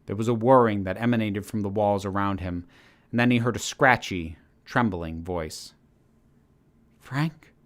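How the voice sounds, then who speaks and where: A man narrating a story aloud in a steady, measured reading manner. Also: on the low side. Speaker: channel host reading his story. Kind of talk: audiobook-style story narration.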